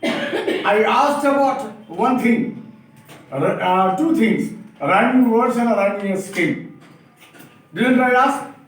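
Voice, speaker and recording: A man's voice: sits high, lively intonation, extremely slow, long pauses. A man with an Indian English accent lecturing teachers at a workshop, emphatic and asking the room questions. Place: classroom or hall. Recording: very echoey room, distant mic, faint noise.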